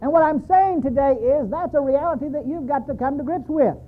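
A man's voice: extremely high pitch, fairly quick. A man preaching a sermon, telling his own story with emphatic repetition. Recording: tinny, phone-like sound.

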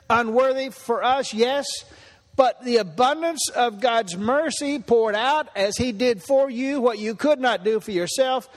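A man preaching a sermon as pastor, repeating phrases for emphasis and building to impassioned peaks. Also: extremely high pitch. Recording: long hall reverb.

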